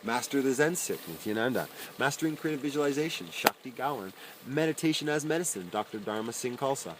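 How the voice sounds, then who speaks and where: A man's voice: medium pitch, animated, quick pace, noisy background. A man reading aloud a long list of self-help titles and their authors, with dry, wry asides and his voice dropping on each name.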